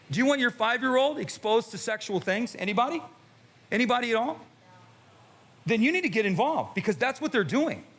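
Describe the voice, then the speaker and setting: A middle-aged male pastor preaching with a fairly high voice. He is emphatic and fires rhetorical questions at the congregation from a church stage mic. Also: fairly bright tone. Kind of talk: sermon. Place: church sanctuary with a live congregation.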